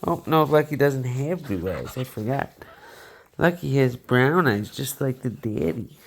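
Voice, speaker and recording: A man's voice: medium pitch, animated, a little slow, creaky. A man chatting casually at home in his living room, showing off his dogs and cooing at them in baby talk. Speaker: dog owner. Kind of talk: casual home video talking to pets.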